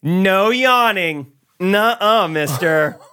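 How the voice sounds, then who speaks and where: A man's voice: high-pitched, lively intonation, extremely slow, pushed and bright, clear, resonant tone, pitched above the performer's own voice, exaggerated voice. A man putting on a chipper, fussy male airport gate agent with a sing-song, scolding delivery.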